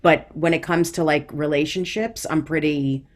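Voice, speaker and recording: Woman comedian, 40s, lowish voice, candid and self-deprecating, talks in bursts. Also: fairly even intonation, normal speed. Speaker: comedian guest. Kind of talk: casual interview chat.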